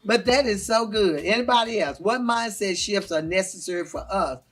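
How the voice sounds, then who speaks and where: A woman's voice: mid-range voice, moderate pace. A woman hosting a talk show panel, affirming guests and asking questions. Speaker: host.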